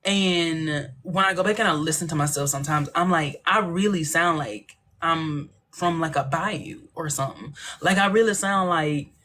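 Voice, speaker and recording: A woman with a country northern Louisiana accent chats playfully on her phone livestream, teasing and reading out viewer comments. Her voice sits low, with a faint hum of noise behind it. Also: fairly bright tone. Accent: northern Louisiana Southern. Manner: playful, chatty, teasing, quick asides. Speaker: livestream host.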